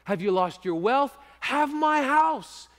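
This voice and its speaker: A man's voice: extremely high pitch, lively intonation, takes it slowly, fairly bright tone, voice pushed up, heavily acted. A man preaching voices Christ as a tender, pleading bridegroom, in a church with long reverb. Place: church sanctuary.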